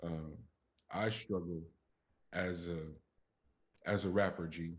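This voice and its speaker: A man with a very deep voice holds forth in relaxed podcast chat. He talks with blunt conviction, lacing his points with profanity and climbing in energy when he presses an argument. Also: slow. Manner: emphatic, profane, builds up to animated peaks. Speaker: podcast co-host. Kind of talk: casual chat.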